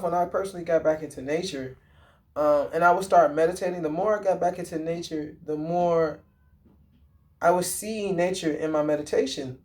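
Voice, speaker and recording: A man's voice: a little high, darkish tone. A man talking casually to his viewers about a film, rambling and slangy, with lots of swearing, fillers and self-corrections. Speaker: vlogger. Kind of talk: casual movie talk.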